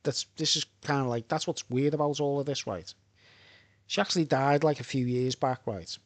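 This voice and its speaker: A man with a Merseyside accent talks live in a loose, rambling way. He keeps tacking on tag questions and side stories. His voice sits at an ordinary middle pitch. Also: normal speed, no echo. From Birkenhead, England. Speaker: vlogger.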